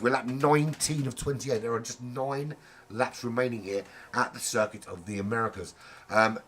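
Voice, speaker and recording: A man's voice: medium pitch, pushed and bright, a little hiss or hum. A man with a sore throat giving rambling, jokey, casually sweary live commentary on an online racing league. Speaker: race commentator.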